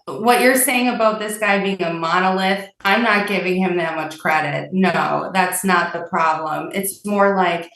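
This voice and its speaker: A woman caller talks slowly and unsurely, circling around her point. She sounds far from the mic, in a roomy, echoing space. Her pitch is ordinary for a woman. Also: fairly bright tone. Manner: hesitant and rambling, filled with "like". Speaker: caller seeking advice. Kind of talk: casual chat.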